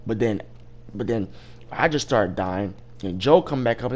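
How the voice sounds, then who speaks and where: A man's voice: fairly low pitch, lively intonation, normal speed, a little mellow. Young guy telling a crude work story, cussing a lot, keeps restarting and cracking himself up. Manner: rambling, profane, laughing at his own story. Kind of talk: casual storytelling.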